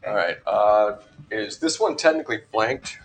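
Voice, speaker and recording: A man playing a tabletop game, describing his character's actions with quick asides. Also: on the low side, animated, a little hiss or hum. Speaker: player.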